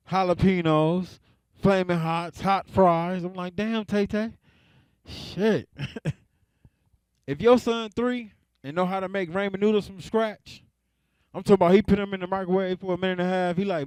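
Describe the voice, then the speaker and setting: A young man performing stand-up in an easy, laid-back way, chuckling to himself between jokes. His voice sits a bit high for a man and sounds close and dry. He stretches out his punchlines. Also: smooth, no room sound. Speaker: stand-up comedian. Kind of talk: stand-up comedy set.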